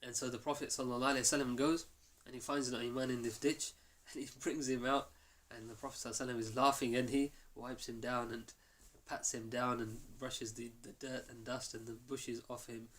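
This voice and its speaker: Man, teacher, lively storytelling, acts out quotes, mosque class, medium pitch. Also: fast, hardly any pauses. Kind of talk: storytelling lesson.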